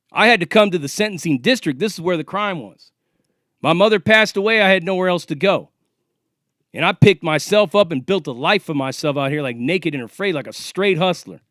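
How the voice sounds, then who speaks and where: A man's voice: high voice, fairly bright tone, no echo, clean studio sound. Profane, confrontational man in his forties. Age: 40s. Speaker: vlogger. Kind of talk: ranting monologue to camera.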